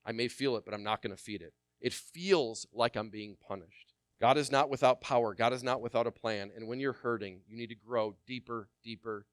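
A man preaching a sermon who hammers home his points through repetition and then drops to hushed, personal asides. His voice is smooth and resonant, and it sits in the middle of the range. The sound is close and dry, with no room echo. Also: medium pitch. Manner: swings from loud emphatic repetition to quiet intimate asides. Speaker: pastor.

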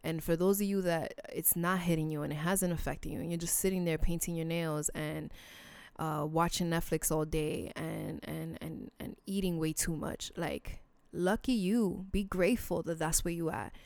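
A woman's voice: low-pitched, steady tone, moderate pace, gravelly, a little mellow, dry recording. A woman hosting a solo podcast, talking bluntly and earnestly to her listeners, casual and emotional, with some swearing. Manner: emotional, sincere appeals to listeners. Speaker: podcast host. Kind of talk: heartfelt solo podcast talk.

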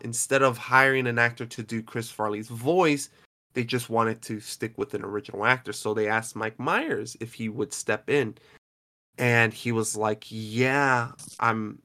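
A man's voice: mid-range voice, moderate pace, sharp tone. A man hosting a casual podcast chat, talking in a chatty, rambling way with frequent restarts. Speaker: podcast host.

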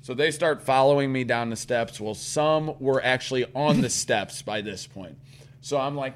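A man telling a long story in casual podcast chat, swearing often and rambling with animated quoted voices. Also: medium pitch, fairly quick.

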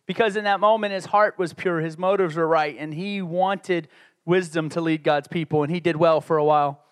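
High-voiced joking preacher. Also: male voice, steady tone, normal speed, clean tone. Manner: conversational, joking preacher who builds to emphatic peaks. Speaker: pastor. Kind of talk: sermon.

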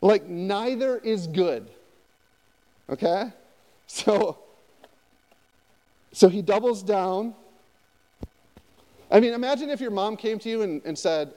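A man pastor preaching a conversational sermon, often turning to his listeners with quick questions. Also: sits high, big-room sound. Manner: conversational, animated, asks the audience often.

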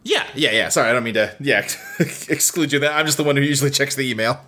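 Male podcast host, bright tone, animated, restless casual delivery. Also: medium pitch, fast talker. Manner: animated, filler-heavy, frequent restarts.

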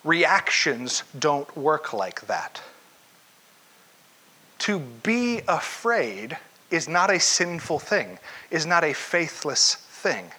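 Bright-voiced animated preacher man. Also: a little high, extremely slow. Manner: animated storyteller, questions the congregation directly. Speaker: pastor. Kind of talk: sermon.

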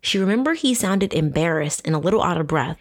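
Young woman hosting a true crime podcast; lower voice, loose, swearing, animated storyteller. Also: quick pace. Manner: casual, profane, animated storytelling. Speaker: podcast host.

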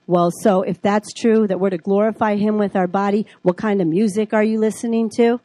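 A middle-aged woman teaches a class on the Bible, telling her own testimony like a lively storyteller. She acts out the dialogue as she goes. Her mid-range voice sounds dry and close, with no room echo. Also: mid-range voice, brisk, few pauses.

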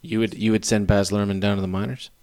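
A man's voice: fairly low pitch, little pitch movement, fast, a little mellow, smooth, no room sound. A man hosting a podcast, chatting casually about films and swearing freely. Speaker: podcast host. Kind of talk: casual chat.

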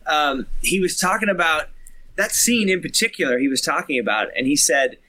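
A man's voice: on the high side, expressive, moderate pace, bright, forceful tone, slight background noise. A man who is a filmmaker, a guest on a podcast, eagerly telling behind-the-scenes stories and acting out the quotes. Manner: eager storyteller who acts out quoted talk. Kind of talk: casual interview chat.

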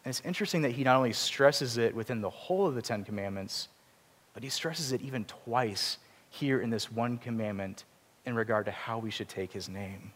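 A man's voice: medium pitch, brisk. A man preaching a sermon in a church, earnest and explanatory, with self-deprecating asides. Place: church sanctuary. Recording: long reverb of a church hall.

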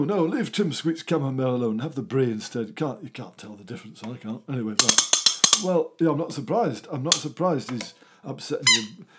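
A man in a mid pitch hosts a comedy show and spins a made-up children's tale. He rambles and keeps cutting himself off, his tone put-on cheery, and a clear hiss of noise sits under the recording. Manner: rambling, self-interrupting, mock-cheery. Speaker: host. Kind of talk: comic improvised children's storytelling.

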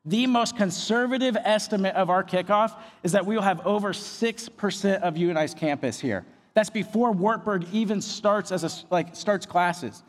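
A man preaching a sermon as a pastor, energetic and joking as he tells stories. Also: high voice, normal speed, hardly any pauses, long reverb tail. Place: church.

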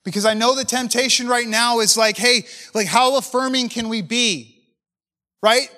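Impassioned high-voiced man preaching in a hall. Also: normal speed, sharp tone. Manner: impassioned, conversational with rhetorical questions. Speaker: pastor. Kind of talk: preaching to church leaders.

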